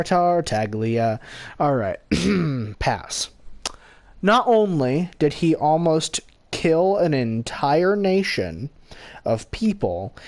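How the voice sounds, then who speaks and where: A man hosting a gaming channel, giving rambling casual commentary with frequent self-corrections and giggly asides. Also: on the high side.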